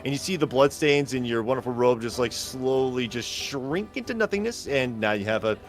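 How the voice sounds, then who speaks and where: A man's voice: medium pitch, animated, fairly quick, soft background music. A man running a tabletop game as game master, narrating casually and thinking aloud.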